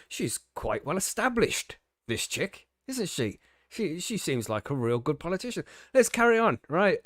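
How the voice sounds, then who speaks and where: A man's voice: fairly high pitch, dry recording. Indignant man ranting, dry sound. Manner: indignant, sarcastic, swearing. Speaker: podcast host. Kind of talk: casual ranting commentary.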